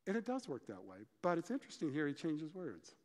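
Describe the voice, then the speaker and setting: A man preaching a sermon, explaining scripture and telling stories with lively, acted-out dialogue. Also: fairly high pitch, a little fast. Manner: animated storytelling, acts out dialogue. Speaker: pastor. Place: church sanctuary. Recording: church hall reverb.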